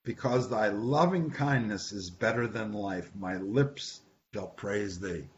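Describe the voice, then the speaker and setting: Man, Bible study teacher, unhurried and chatty, repeats himself, slight hiss behind. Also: on the low side. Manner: conversational, repeats words, asks the group questions. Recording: dull lo-fi recording with faint hiss.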